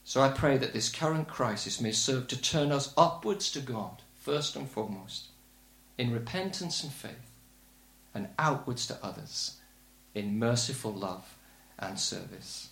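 A man's voice: medium pitch, expressive, vocal fry, a bit bright. Older man preaching in an echoey room. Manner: earnest, measured preaching with emphatic rises. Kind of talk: sermon.

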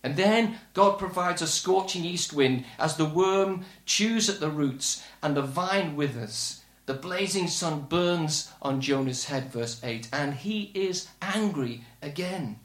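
An older man preaching a sermon with earnest, measured emphasis. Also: on the high side, reverberant.

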